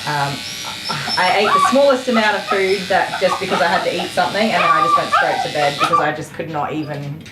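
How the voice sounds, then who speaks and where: An Australian woman groomer talks casually while she works, dropping into soft, coaxing tones to settle a nervous dog. Her voice sits a little low. The room is echoey, and a steady noise runs underneath. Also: fairly quick. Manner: soothing a restless dog between chatty stories, soft and coaxing. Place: grooming salon.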